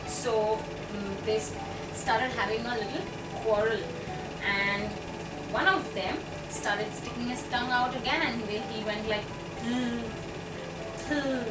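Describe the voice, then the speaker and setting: A woman's voice: fairly high pitch, a little slow, loud music behind the voice. A woman teaching phonics to young children, sounding out letters one by one with careful, exaggerated enunciation. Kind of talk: slow, clear classroom teaching for young children. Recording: echoey room, voice a bit distant from mic, audible background noise.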